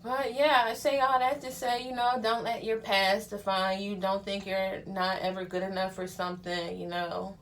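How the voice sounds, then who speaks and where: A woman's voice: mid-range voice, little pitch movement, normal speed, few pauses, fairly bright tone, slight background noise. A young woman vlogging as she gets ready, telling her life story in a candid, chatty way and using slang like honey and child. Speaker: vlogger and hairstylist. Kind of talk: casual get-ready-with-me storytelling.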